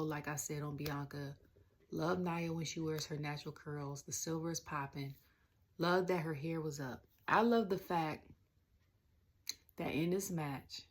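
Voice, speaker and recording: Young Southern woman, low pitch, raspy, chatty reviewer rambling with slang. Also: darkish tone. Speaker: wrestling show reviewer. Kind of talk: casual rant-style review.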